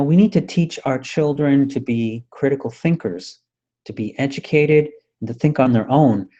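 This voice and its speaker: A male talk radio host delivering a scornful, ranting monologue. His voice is mellow and dark. The audio is a bit dull and muffled. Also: medium pitch.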